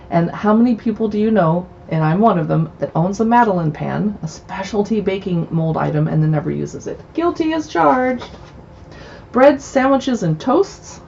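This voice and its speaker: Chatty woman with a gravelly, mellow voice. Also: medium pitch, lo-fi sound, slight background noise. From US West Coast. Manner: chatty, reads titles aloud with asides. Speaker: cookbook show host. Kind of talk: casual livestream book browsing. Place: home in a city.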